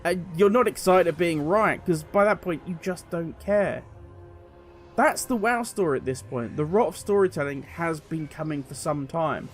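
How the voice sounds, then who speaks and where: A man giving opinionated video commentary as a gaming commentator, animated and sarcastic. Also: fairly high pitch, moderate pace, soft background music.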